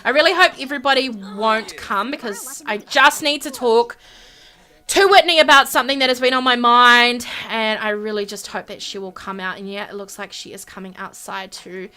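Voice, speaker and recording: A woman's voice: fairly high pitch, moderate pace, sharp tone. A woman hosting a gaming channel, giving casual, chatty gameplay commentary full of fillers. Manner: chatty, bubbly, lots of fillers.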